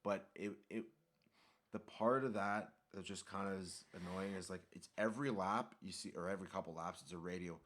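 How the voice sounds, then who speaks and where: A man's voice: sits low, steady tone, a little fast, fairly bright tone. Joking, swearing young man on a podcast. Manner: joking, swearing, sarcastic banter. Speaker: podcast co-host. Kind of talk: casual chat.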